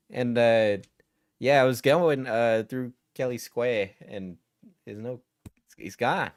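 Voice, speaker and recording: A man's voice: medium pitch, slow, no room sound. Blunt, rambling man in dry sound. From New England. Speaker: streamer reacting to videos. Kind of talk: casual reaction commentary.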